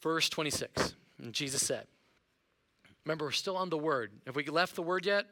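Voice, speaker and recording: Male pastor, middle-aged, sermon in a church, animated and joking, bright tone. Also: fairly high pitch, moderate pace. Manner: animated, playful preaching with acted-out voices. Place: church auditorium.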